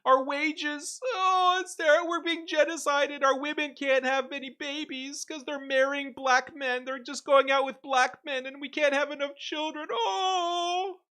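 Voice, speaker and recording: A man's voice: flat delivery, a little slow, few pauses, sharp tone, heavily acted. A man mimicking a wailing self-pitying whiner. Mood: mocking whine. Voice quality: high, wailing mock-whine. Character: whining, sobbing male complainer, self-pitying.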